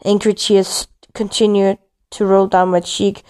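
A woman with a medium-pitched, dark voice reads a first-person story aloud in a level, unhurried tone. She slips frequently and restarts now and then.

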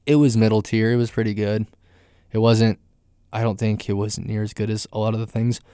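Male podcast host, low flat delivery, smooth and resonant, rambling casual talk. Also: fairly quick, dry recording, studio quality. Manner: rambling, filler-heavy, candid opinions. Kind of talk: casual solo music news podcast.

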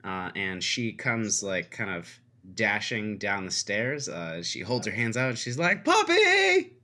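A man narrating as game master with a dry, deadpan humor. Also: lowish voice, measured pace.

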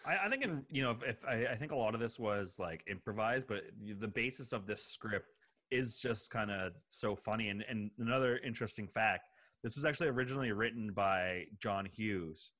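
A man's voice: on the low side, lively intonation, fairly quick, fairly bright tone, dry recording, clean studio sound. A man co-hosting a podcast, eagerly sharing behind-the-scenes film trivia in casual chat. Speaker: podcast co-host.

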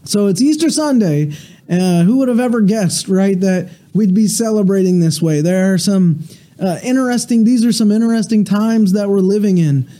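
Guy pastor giving a sermon, kinda high voice, super mellow and dark tone, earnest and halting. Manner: earnest, halting restarts, animated storytelling. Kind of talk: sermon with prayer and a told joke.

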